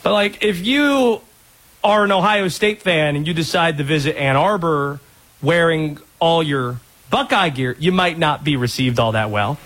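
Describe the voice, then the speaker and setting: A man from North Carolina hosting a sports talk radio show, dry and sarcastic, telling lively stories. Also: on the high side, unhurried. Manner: sarcastic, animated storyteller.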